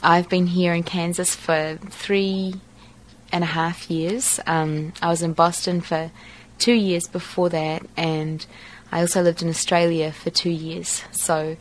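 A woman from New Zealand speaks with a clear New Zealand accent in a fairly low register. She talks in a relaxed, unscripted way, pausing often with ums and small restarts. A faint hiss sits under the recording. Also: rough recording. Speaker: dialect archive speaker. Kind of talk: reading a passage, then casual unscripted talk.

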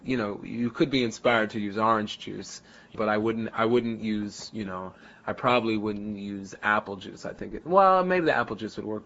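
A man with a New York accent talks in a loose, rambling way, as if chatting with a friend. His voice sits somewhat low. The recording is a bit muffled and dull. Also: fairly bright tone. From New York City. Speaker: daycare worker. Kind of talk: casual personal storytelling.

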